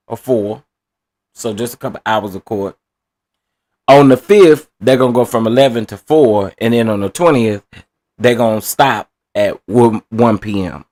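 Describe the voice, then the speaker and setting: A man's voice: medium pitch, darkish tone. A man giving casual live-stream commentary, playful, often laughing and calling his viewers baby and y'all. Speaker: online trial commentator.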